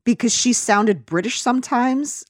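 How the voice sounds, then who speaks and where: A podcast co-host from the United States, she chats about a film in an opinionated, rambling way, full of fillers and restarts. Her voice sits on the high side and she takes her time, recorded dry.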